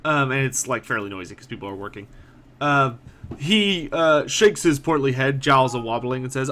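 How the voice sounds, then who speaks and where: A man's voice: medium pitch, normal speed, a little hiss or hum. A man running a tabletop role-playing game as game master, narrating loosely with plenty of ums and uhs. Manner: relaxed, filler-heavy narration.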